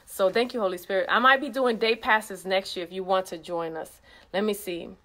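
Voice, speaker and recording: A woman's voice: medium pitch, fairly even intonation, brisk, bright, forceful tone. Effusive woman sharing a retreat recap. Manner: effusive, reads messages aloud with praise exclamations. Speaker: retreat organizer. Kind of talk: casual recap vlog.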